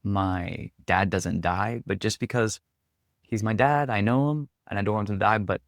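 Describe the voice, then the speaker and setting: A man's voice: on the low side, moderate pace, no room sound, clean studio sound. A man, a podcast guest, telling a personal story candidly and reflectively, with many filler words. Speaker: podcast guest, performance coach.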